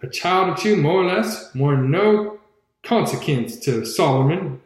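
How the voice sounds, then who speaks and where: A man's voice: a little high, animated, a little slow. A man voicing a stubborn Southern drawler. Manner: stubborn, argumentative. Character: stubborn adult man, rural Southern talker. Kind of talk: audiobook character voice. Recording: very echoey room.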